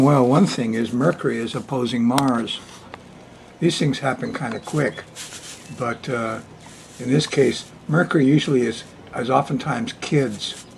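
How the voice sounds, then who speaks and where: A medium-pitched, vocal-fry-tinged male voice delivers a casual astrology forecast at a measured pace, with a little hiss or hum present. He's an older man hosting a weekly sky report, chatty and folksy, laughing often as he goes from point to point.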